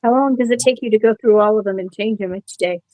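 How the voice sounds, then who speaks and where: A middle-aged woman with a middle pitch, recorded with a dry, close sound. She chats and teases her friends over a video call. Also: fast, mellow, no room sound, poor audio. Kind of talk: casual chat.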